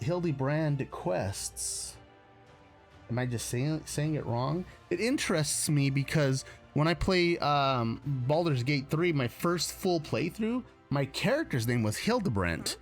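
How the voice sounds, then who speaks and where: A man from the United States hosts a live stream, speaking slowly and expressively in a fairly high voice while faint music plays. He rambles in a relaxed way, often correcting himself and chuckling.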